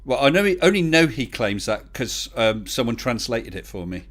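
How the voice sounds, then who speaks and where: Jokey male host on a voice-call stream, ordinary pitch, quick to laugh. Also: big pitch swings, fairly bright tone. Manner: chatty, laughs often, jokey. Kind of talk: casual chat. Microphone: voice chat call.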